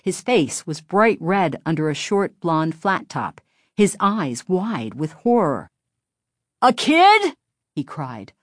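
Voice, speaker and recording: A woman narrates a children's story at a slow, careful pace. Her low voice swings widely in pitch as she tells it. The recording is dry and close, with no room sound. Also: no echo. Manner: expressive, storytelling. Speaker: audiobook narrator. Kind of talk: scripted narration.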